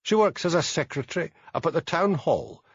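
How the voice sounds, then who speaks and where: Man doing old postmistress, brisk, chatty, high lively voice, dull sound. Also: slightly rough, dry recording. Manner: brisk, talkative. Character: brisk older village postmistress.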